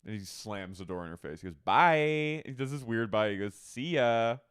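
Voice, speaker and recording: A man co-hosting a podcast, recapping a reality show in casual chat and mimicking cast members in high, squealing voices. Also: fast, smooth, no room sound, studio quality. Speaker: podcast co-host.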